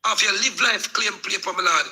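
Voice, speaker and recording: A man's voice: sits high, fairly quick, pushed and bright, low-quality recording. A Jamaican man in a heated live discussion, preaching at length and repeating "my lord" to the other speaker. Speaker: live stream participant.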